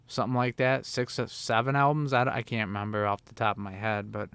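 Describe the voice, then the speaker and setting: A man's voice: lowish voice, level tone, quick pace, a bit bright, smooth, dry recording. Laid-back Chicago-accented man in his thirties. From Illinois, USA. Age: 30s. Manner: rambling, profane, laid-back. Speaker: video reviewer. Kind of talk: casual reaction chat.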